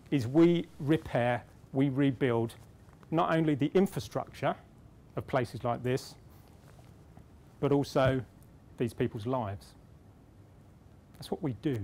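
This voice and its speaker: At a conference, a middle-aged British man tells a self-deprecating anecdote, with several restarts, before coming to his point. His voice is mid-range and mellow, and he's speaking in a conference hall.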